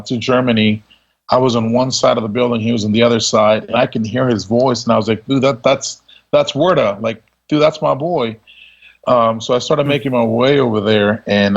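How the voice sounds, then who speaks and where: A man, a guest on a podcast, telling stories in a laid-back, casual way and laughing as he goes. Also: mid-range voice. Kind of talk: casual storytelling. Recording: dull lo-fi audio.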